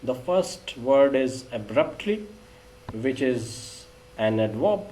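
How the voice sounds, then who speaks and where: A man with a Pakistani English accent giving a deliberate vocabulary lecture, listing words one at a time. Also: mid-range voice, lively intonation, a little mellow, slight background noise, rough recording. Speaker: English teacher.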